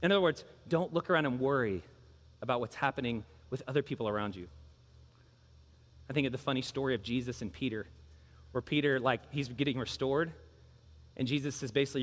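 A man's voice: mid-range voice, fairly quick, pauses often, big-room sound. A man preaching a sermon as pastor, earnest and emphatic, driving points home with repeated phrases.

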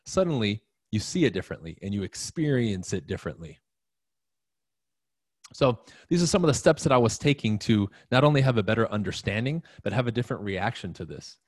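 A man's voice: on the low side, expressive, brisk, no room sound, studio quality. A man coaching salespeople in a live-streamed talk, emphatic and blunt, swearing now and then as he addresses the listener directly. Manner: emphatic, profane, talks straight to the listener. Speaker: real estate coach.

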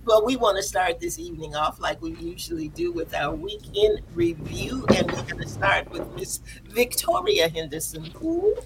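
A woman hosting a casual chat, talking in a lively, playful way. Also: a little high, normal speed, creaky, hardly any pauses, noisy background. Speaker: host.

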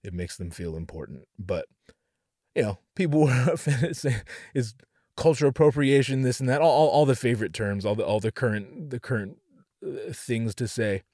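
A man's voice: mid-range voice, normal speed, mellow, no room sound, studio quality. A young man hosting a podcast, ranting with jokes and swearing in a casual monologue, with lots of restarts. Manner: profane, ranting, jokey, many restarts. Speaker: podcast host.

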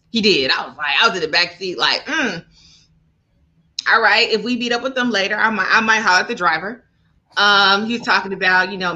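A woman co-hosting a podcast, telling a travel story in an animated, profane, laughing way. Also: mid-range voice, dull audio. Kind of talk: casual storytelling chat.

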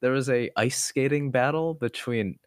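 A young man co-hosts a podcast, chatting casually about films in an animated way and cracking crude jokes. His mid-range voice moves at a normal speed, captured in a dry, studio-quality recording.

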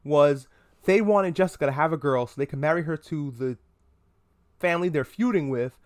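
A man hosting a comedic pop-culture podcast, talking in an animated, profane and self-mocking way. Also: a little high, normal speed. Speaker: podcast host.

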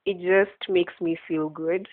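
A woman's voice: on the low side, fairly even intonation, slow pace, no room sound. A woman hosting a faith podcast, talking earnestly in casual chat and laughing often. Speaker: podcast host. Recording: tinny phone-like line, dry.

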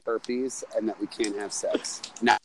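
A man's voice: on the low side, steady tone, unhurried, creaky, a little hiss or hum, low-quality recording. A man casually telling a crude story in a rambling, profane way, often checking in with "right?". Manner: rambling, profane, says "right?" and "you know what I'm saying" often. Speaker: storyteller on a group call. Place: on a loud street outside a bar.

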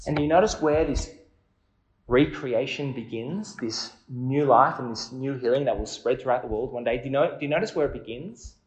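A man's voice: medium pitch, normal speed, roomy sound, poor audio. A man preaching a sermon in an earnest, conversational way, asking his listeners questions.

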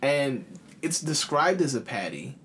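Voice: medium pitch, sing-song, unhurried, a bit bright, slight background noise. A co-host of a casual chat show chiming in with short remarks. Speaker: podcast co-host.

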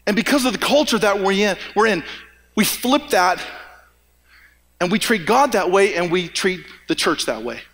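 A man preaching a lively sermon as pastor, joking with the congregation and often repeating and restarting words. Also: sits high, normal speed. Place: church hall. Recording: long hall reverb.

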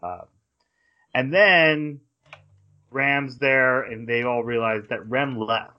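A man co-hosting a podcast, casually recapping an episode in a rambling way with quick quoted asides. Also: medium pitch, lo-fi sound. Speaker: podcast co-host.

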